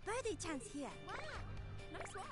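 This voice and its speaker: A woman's voice: very high voice, sing-song, moderate pace. A woman voicing an upbeat young female golf game announcer with short cheering calls. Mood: cheery. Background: game music.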